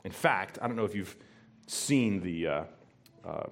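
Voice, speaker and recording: A male pastor preaching in church, his voice climbing on key words to drive the point home. He talks straight to the congregation with questions, in an animated, emphatic delivery. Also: sits low, unhurried. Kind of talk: sermon.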